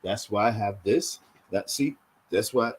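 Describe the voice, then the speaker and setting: A man's voice: fairly low pitch, unhurried, slightly rough. A man ranting to camera in a profane, scolding monologue, hammering his points through repetition. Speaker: vlogger.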